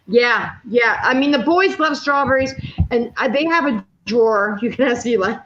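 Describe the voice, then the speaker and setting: A woman in her fifties with a fairly high, somewhat bright voice speaks at a normal pace as a panel speaker in a casual chat. She's a blunt storyteller who swears plenty, and the recording has dull, lo-fi audio.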